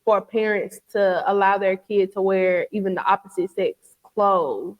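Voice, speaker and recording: A woman co-hosting a podcast in casual chat, animated and breaking into loud laughs. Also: medium pitch, unhurried, highs cut off. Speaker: podcast co-host.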